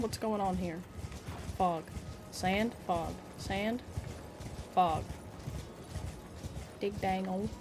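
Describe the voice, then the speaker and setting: A woman streamer chatting casually while she plays, answering her chat with playful asides. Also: medium pitch. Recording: clear game noise under the voice.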